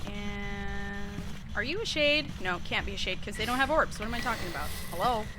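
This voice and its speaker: A woman streaming a horror game, chatting casually with viewers, sassy and swearing freely, with sudden excited yelps. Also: mid-range voice, normal speed, music in the background, low-quality recording. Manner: bursts into excited yelps during scares. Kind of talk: casual live-stream chat over gameplay.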